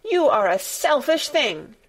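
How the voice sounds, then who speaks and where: A woman's voice: expressive, measured pace, natural voice. A woman voicing a spoiled, sickly boy who is petulant and imperious, with a sulky, sneering manner. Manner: sulky, sneering, shrill when angry.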